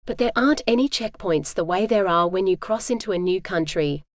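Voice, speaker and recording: A woman's voice: medium pitch, expressive, a little fast, no room sound, studio quality, close to an everyday voice. A woman voicing a charming, easygoing young Texan man who owns a hotel, in an audiobook. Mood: friendly. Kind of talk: audiobook character voice.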